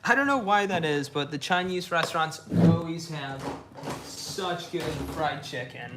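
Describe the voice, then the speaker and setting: A young man livestreams from a dark indoor room, casually reading viewers' chat messages aloud in a relaxed, slangy way and often repeating his own phrases. His voice is fairly high and expressive, a bit slow, and the audio is very noisy.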